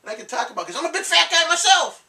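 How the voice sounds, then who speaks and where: A man's voice: extremely high pitch, sing-song, very fast, vocal fry, sharp tone, recorded from a distance. Rambling man telling stories off-mic. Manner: rambling, laughs often, swears. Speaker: collectibles channel host. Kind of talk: casual storytelling chat. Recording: echoey room, off-mic, faint noise.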